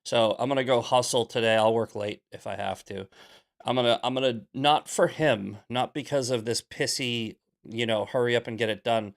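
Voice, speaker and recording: A man hosting a casual talk show, rambling and animated as he acts out his own arguments. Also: mid-range voice, moderate pace, creaky. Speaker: host.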